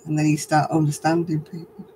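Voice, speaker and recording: An older woman from northern England with a softened regional accent, hosting a casual craft live stream, chatting with viewers and chuckling often. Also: deep voice, flat delivery, a little fast, slight background noise, poor audio. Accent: softened northern English. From Oldham, England. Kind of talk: casual chat answering viewer comments.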